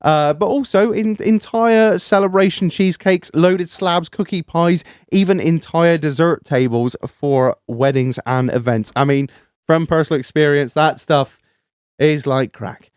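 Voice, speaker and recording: A man telling an embarrassing story on a podcast in a sweary, laughing, animated way. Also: on the high side, a little slow, clean tone, no echo, clean studio sound. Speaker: podcast co-host. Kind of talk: casual storytelling chat.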